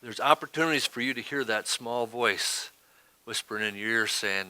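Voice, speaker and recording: A man's voice: medium pitch, moderate pace, pushed and bright, clean tone, no room sound. A man preaching a sermon as pastor, talking in a conversational way and often asking "right?".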